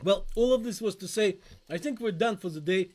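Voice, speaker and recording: A man's voice: high voice, brisk, darkish tone. A middle-aged man with a Russian accent, a native Russian speaker, co-hosting a live chat show from a home basement in a jokey, playful way. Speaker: co-host, father.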